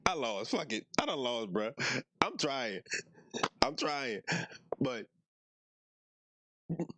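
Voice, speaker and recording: A man's voice: medium pitch, sing-song, takes it slowly, fairly bright tone, a little hiss or hum. A young man doing casual reaction commentary in a slangy, laid-back way, mostly talking to himself. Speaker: YouTuber.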